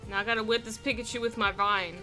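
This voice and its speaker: A woman's voice: fairly high pitch, steady tone, fast talker, bright, forceful tone, poor audio. A young woman co-streaming a game, chatting playfully and laughing a lot. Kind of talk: casual gaming stream chat. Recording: faint background music.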